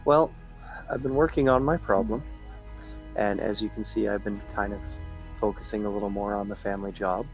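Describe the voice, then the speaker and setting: A man's voice: fairly low pitch, fairly even intonation, a little fast, faint music behind, low-quality recording. A man playing a tabletop game, speaking for his character in an earnest, hesitant way. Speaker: player.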